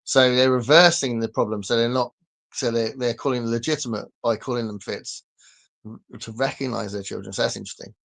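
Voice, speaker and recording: A man with a southern English accent, talking at a middling pitch in a relaxed, rambling way. He reads out and answers viewer comments on a casual live stream, often breaking into laughter. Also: brisk, gravelly. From southern England. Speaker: livestream host reading comments. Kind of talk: casual chat.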